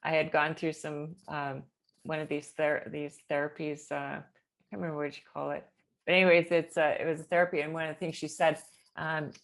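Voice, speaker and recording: A woman's voice: sits low, level tone, a little fast, gravelly. A woman chatting casually in a rambling way, with many fillers and nervous laughter. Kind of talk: casual chat.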